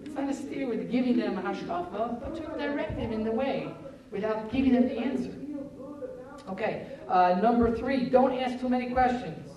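A man giving a live talk on parenting, animated and acting out family scenes in quoted voices. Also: very high-pitched, normal speed, lo-fi sound, crowd noise. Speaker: parenting lecturer. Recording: roomy echo, speaker far from the mic.

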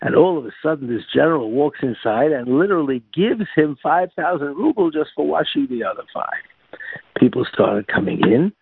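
A man's voice: a little high, animated, gravelly, husky, no room sound. Man, religious tale, stumbling restarts, dry close sound, thin phone-line quality. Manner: halting, with repeated restarts and fillers. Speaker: storyteller. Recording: tinny phone-like, dry recording.

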